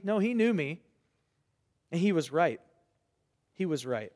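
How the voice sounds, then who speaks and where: A man preaching a sermon to young people, earnest and rhetorical, with dramatic pauses. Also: fairly high pitch, very animated, a little mellow. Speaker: pastor. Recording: reverberant hall.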